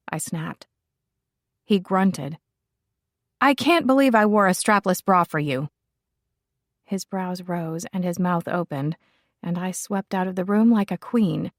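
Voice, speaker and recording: A woman's voice: on the low side, darkish tone, dry recording, clean studio sound. A woman reading a first-person audiobook, with a wry, sassy and sardonic delivery. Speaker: audiobook narrator.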